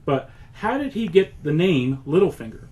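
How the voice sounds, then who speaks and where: A man hosting a podcast trivia game, reading multiple-choice questions and answers deliberately. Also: on the high side, sing-song, a little mellow, low-quality recording. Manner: reads answer options deliberately, with chuckles. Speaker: quiz host.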